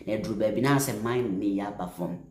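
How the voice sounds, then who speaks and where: A man with a Ghanaian accent giving impassioned political commentary, emphatic, repeating phrases and bursting into louder stretches. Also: fairly low pitch, fast talker, echoey room, a little hiss or hum. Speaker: social media commentator.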